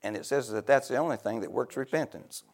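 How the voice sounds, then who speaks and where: A man preaching a fervent sermon who swings between hushed, intimate talk and loud shouts, with frequent laughter. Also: medium pitch, expressive, fast talker.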